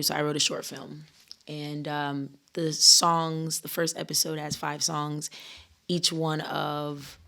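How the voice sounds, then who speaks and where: A woman speaks as a podcast guest in a low, level voice that barely rises or falls. She talks about her work in steady, declarative sentences. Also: creaky. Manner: measured, declarative self-description. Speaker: guest recording artist. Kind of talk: podcast interview.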